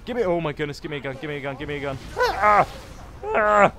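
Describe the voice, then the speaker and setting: A man giving silly, excitable commentary while playing a video game. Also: a little high, racing, faint music behind. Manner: silly, excitable, yelps and exclaims. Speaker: gaming video host. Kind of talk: let's play commentary.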